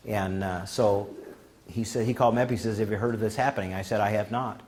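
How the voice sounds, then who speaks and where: Quick and lowish-voiced, a man tells animated, down-home stories in a conference room, with slight hiss or hum in the recording. He dramatizes the words of the people he describes.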